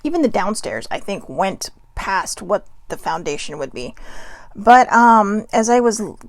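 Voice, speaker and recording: A woman's voice: mid-range voice, very animated, a little slow. A tired woman hosting her daily live video show from home on a personal mic, rambling chattily with lots of filler words and self-deprecating asides. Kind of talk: casual rambling morning chat.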